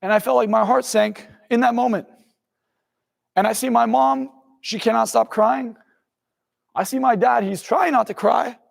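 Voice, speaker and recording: The voice is very high-pitched and creaky, with fairly even intonation, normal speed and frequent pauses. It belongs to a young hypnotist and motivational speaker in his twenties recounting his life to camera in a blunt, intense manner with some swearing. The room has long reverb.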